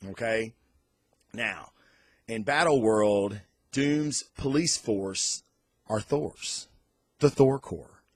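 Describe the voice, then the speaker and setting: A man giving a casual, excited comic book review on camera, rambling off on tangents and swearing freely. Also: fairly low pitch, drawn-out words, pauses often, no echo. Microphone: recorded on camera.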